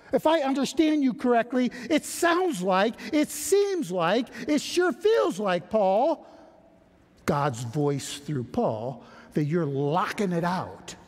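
A man's voice: high-pitched, big pitch swings, slow pace. A man preaching a sermon, emphatic, asking rhetorical questions and answering them. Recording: reverberant hall.

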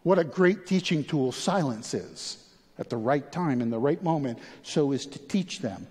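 A male pastor delivering a sermon, moving between quiet questions and animated, urgent pleading. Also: a little high, normal speed, big-room sound.

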